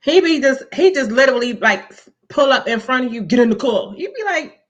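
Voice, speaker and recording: A woman's voice: high voice, brisk. A woman hosting a casual podcast, chatting in slangy speech and acting out quotes as she tells stories. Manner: animated storyteller, slangy, acts out quotes. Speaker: podcast host. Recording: dull lo-fi sound.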